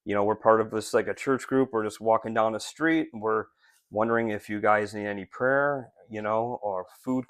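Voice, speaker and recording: Earnest man giving a casual ministry update, low-pitched and halting, dry sound. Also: dry recording. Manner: earnest, rambling with many fillers and restarts. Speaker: street outreach ministry leader. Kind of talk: casual spoken update to supporters. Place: Rochester area.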